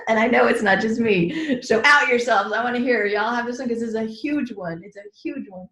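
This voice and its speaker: A woman's voice: on the high side, normal speed, a bit bright. A middle-aged woman mentoring a group on a training call, talking in a frank, chatty way with lots of "like"s and "right?" check-ins. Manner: frank, with mild swearing. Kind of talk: teaching a group call, casual and personal. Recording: roomy echo.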